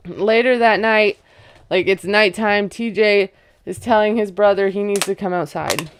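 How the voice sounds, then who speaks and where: A woman's voice: medium pitch, fairly even intonation, unhurried, slight background noise. A woman casually recapping a reality show, chatty and gossipy, acting out quotes and laughing as she goes. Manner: gossipy, retells scenes with quoted voices and laughs.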